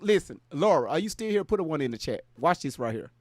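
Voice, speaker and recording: A man's voice: fairly high pitch, very animated, normal speed, pauses often, dry recording, studio quality. A man hosting a casual livestream, talking with viewers in the chat. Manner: mumbling and trailing off into fillers, then laughing and ranting loudly. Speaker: livestream host.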